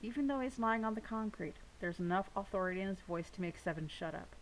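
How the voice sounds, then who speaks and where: A woman reading a novel aloud with steady first-person narration. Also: mid-range voice, fast talker, slight background noise, poor audio. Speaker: audiobook reader.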